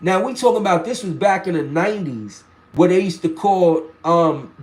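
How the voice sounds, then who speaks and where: This is a man in his forties with a New York accent, hosting a casual live stream and answering his viewers' comments. His voice sits high for a man. He talks loosely, circling back and restarting his sentences. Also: lively intonation, normal speed. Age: 40s. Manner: rambling storytelling with restarts and slang. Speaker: live stream host reading chat.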